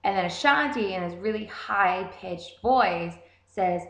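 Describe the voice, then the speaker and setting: A young woman telling a story in a casual, animated way, swearing constantly. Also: medium pitch, measured pace. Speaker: vlogger. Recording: roomy echo.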